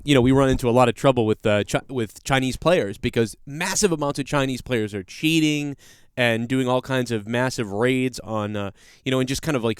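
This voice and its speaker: A man's voice: medium pitch, clear, resonant tone, no echo, clean studio sound. A man hosting a podcast, ranting in a casual, blunt and profane way with rambling restarts. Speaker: podcast host. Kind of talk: casual commentary rant.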